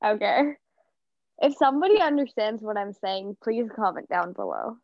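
A woman's voice: mid-range voice, animated, normal speed, creaky, no echo. A young woman co-hosting a podcast, chatting casually and rambling with lots of fillers and self-mocking asides. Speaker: podcast co-host. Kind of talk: casual chat. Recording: muffled lo-fi podcast audio.

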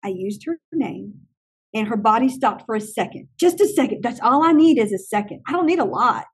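A woman who trains teachers, telling animated stories in an interview and acting out other people's lines. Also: a little high, normal speed, slightly rough. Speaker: teacher trainer and classroom consultant. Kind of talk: conversational interview storytelling.

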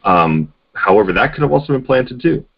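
A man's voice: medium pitch, big pitch swings, fairly quick, creaky, slightly rough. A man co-hosting a podcast in casual chat, talking loosely and speculatively in run-on thoughts. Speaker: podcast co-host. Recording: dull lo-fi recording.

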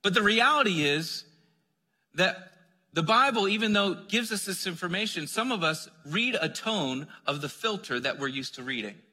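A man preaching a sermon, conversational and joking, dropping to a soft voice when he reads scripture. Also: high-pitched, expressive, moderate pace. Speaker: pastor. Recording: long hall reverb.

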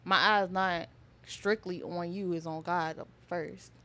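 A woman's voice: fairly low pitch, steady tone, slow, bright, forceful tone. A young woman co-hosting a casual faith podcast, telling stories hesitantly with many fillers. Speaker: podcast co-host.

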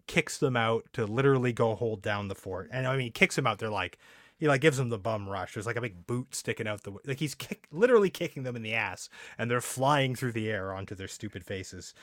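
A man's voice: medium pitch, a little fast, fairly bright tone, dry recording, studio quality. A man co-hosting a comic book podcast in casual chat, laughing often. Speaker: podcast co-host.

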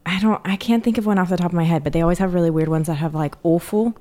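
Giggly woman podcast co-host, low voice. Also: rapid-fire, warm tone. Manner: giggly, uses lots of "like" and "um". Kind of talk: casual chat.

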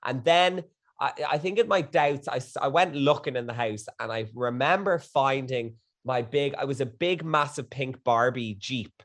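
A young man guest in a casual chat, telling stories in a gushing, excitable way. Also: mid-range voice, normal speed.

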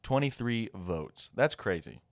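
A young man co-hosting a casual podcast, rambling and relaxed. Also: lowish voice, unhurried, no echo, studio quality. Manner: rambling, relaxed, laughs often. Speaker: podcast co-host.

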